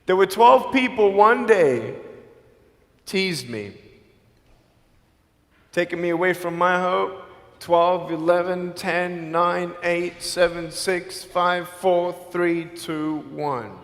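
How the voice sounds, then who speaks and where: A man giving a motivational speech to a live audience, telling his story in an animated way, acting out the people in it and mixing playful jokes with earnest appeals. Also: high voice, takes it slowly, big-room sound. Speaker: motivational speaker.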